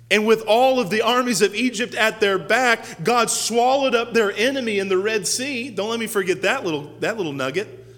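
A man giving a sermon as a pastor, his voice climbing to high, loud peaks and then dropping low and quiet, acting out the quoted speech of the story's characters. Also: big-room sound.

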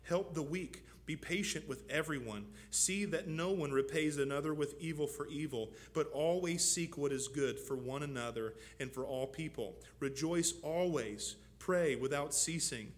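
A man preaching a sermon as pastor, moving from low, measured teaching to loud, fervent exhortation. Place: church.

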